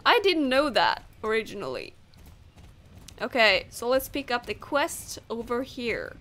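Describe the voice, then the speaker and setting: A woman's voice: fairly high pitch, sing-song, a little slow, a bit bright. A woman who is not a native English speaker, chatting casually over gameplay and laughing off her own misreads. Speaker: gamer.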